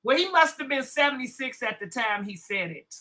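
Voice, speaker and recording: A woman's voice: high-pitched, animated, fairly quick, sharp tone, poor audio. Sassy woman hosting a livestream. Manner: sassy, talks back to chat with laughs. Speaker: livestream host. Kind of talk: casual livestream chat.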